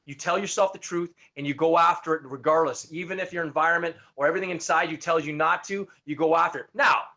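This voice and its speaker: A man giving an energetic motivational talk straight to his listeners, often repeating words and restarting sentences. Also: fairly high pitch, quick pace. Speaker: motivational speaker.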